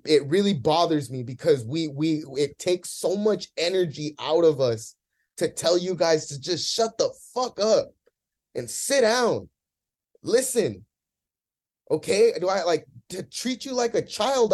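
A man's voice: high-pitched, a little mellow. A man in a podcast discussion, talking in an impassioned, profane rant, visibly emotional.

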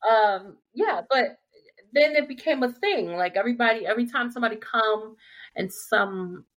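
Animated woman telling stories in casual chat. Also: on the high side, normal speed. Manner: animated storytelling, acts out quotes in playful voices. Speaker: podcast host.

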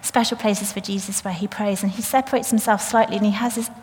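Brief: woman preacher, mid-pitched, casual storytelling sermon, long church reverb. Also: steady tone, fast, a little mellow. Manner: conversational, retells the story plainly with fillers. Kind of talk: sermon with scripture reading.

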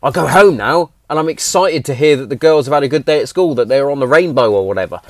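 Expressive and fast-talking, a man in his thirties uses a medium-pitched voice captured in a dry, studio-quality recording. He hosts his own podcast from a home shed, delivering an earnest, rambling, heartfelt monologue peppered with swearing.

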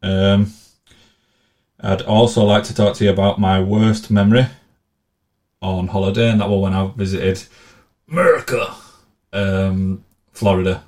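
Deep flat-voiced man, sweary. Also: a little slow, long pauses. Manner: blunt, sweary and sardonic. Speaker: vlogger. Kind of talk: casual monologue telling travel stories.

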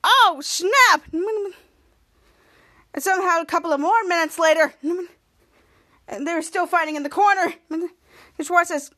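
A woman with a very high, bright voice runs through an episode recap in a loose, rambling way. She keeps circling back to the same stock phrases and jumps into excited impressions of the characters as she goes. The delivery is casual, like an unscripted podcast. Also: a little fast. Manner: rambling, repeats "cut to" and "somehow"; acts out characters' lines excitedly. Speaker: podcast host.

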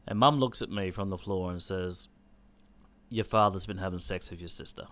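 Deep-voiced Australian man telling a raw story. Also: moderate pace, fairly bright tone. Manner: raw, intense, blunt with swearing. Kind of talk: personal storytelling.

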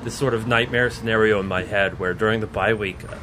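A lowish, steady-toned male voice talks fast amid background noise. He's a college football podcast host who rambles and jokes through casual sports chat, laughing a lot.

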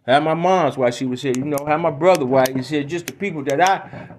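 A man's voice: on the high side, quick pace, a little mellow. A man from Detroit hosting a podcast, telling comic stories and opinions in a rambling, repetitive, emphatic way. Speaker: podcast host. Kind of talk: casual comedic storytelling.

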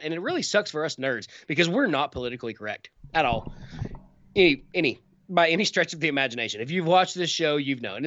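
A man's voice: fairly high pitch, a bit bright, no echo, highs cut off. A man chatting casually on a podcast, rambling with many fillers and restarts. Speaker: podcast co-host. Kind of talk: casual chat.

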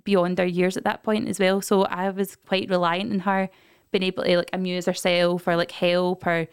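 A woman's voice: on the low side, normal speed, clean tone, no room sound, studio quality. A young Scottish woman chatting on a podcast, telling her birth story and acting out what people said. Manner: lively storyteller, acts out quotes. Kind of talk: casual chat.

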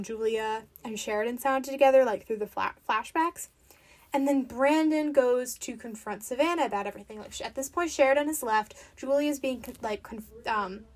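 Woman, high voice, casual TV recap, chatty, opinionated, says "like" constantly. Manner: chatty and opinionated, heavy use of "like". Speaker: reality TV recapper.

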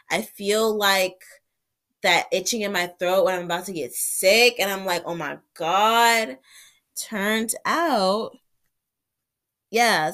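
Sharp in tone yet smooth, her mid-range voice carries a casual, chatty vlog full of "like." The young woman, down with covid and an ear infection, tells her story by acting out how she reacted.

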